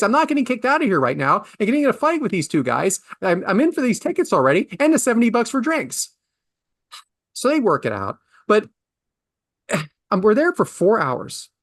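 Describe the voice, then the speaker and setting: A man's voice: big pitch swings, fairly quick, a bit bright, no room sound, studio quality. A man in his forties telling a story in a casual, exasperated, ranting way. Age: 40s. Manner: exasperated, ranting, swings from low mutter to high outburst. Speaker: podcast host.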